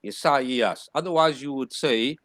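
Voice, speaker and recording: A man teaching a classroom lesson, sounding out words slowly syllable by syllable and repeating them. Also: medium pitch, no room sound, clean studio sound.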